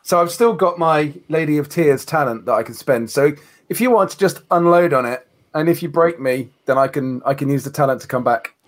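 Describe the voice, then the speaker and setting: A man plays a tabletop game, his voice lively and swinging up and down in pitch. He talks animatedly, laughs often and swears when excited. His voice sits a little higher than most men's. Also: brisk, few pauses. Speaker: player. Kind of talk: casual tabletop play.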